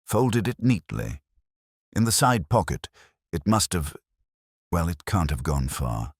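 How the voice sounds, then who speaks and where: A man doing a pompous village bank manager in a storybook mystery, his voice pitched up from a very deep one. He sounds fidgety and self-important, quick to stumble over his words, and the recording is close and dry. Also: sing-song, husky, no echo, exaggerated voice. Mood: flustered. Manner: boastful, then stammering and flustered. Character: nervous pompous middle-aged male bank manager.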